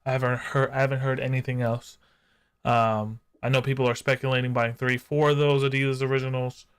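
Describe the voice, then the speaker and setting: A man's voice: mid-range voice, little pitch movement, fairly quick, clear, resonant tone. Hyped slangy male podcast host. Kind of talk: casual livestream podcast chat.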